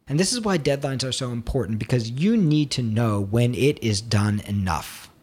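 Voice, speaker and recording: A man's voice: mid-range voice, expressive, normal speed, darkish tone, slightly rough. A man teaching screenwriting, talking expressively and acting out an inner critic's voice now and then. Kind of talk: instructional talk to camera.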